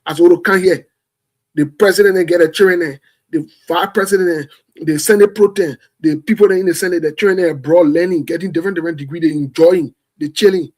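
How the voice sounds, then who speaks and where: A man's voice: on the high side, steady tone, a little fast, darkish tone. Blunt, impassioned man from Liberia. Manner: blunt, emphatic, repeats phrases for force. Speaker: show host. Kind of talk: impassioned political commentary. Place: home in the United States.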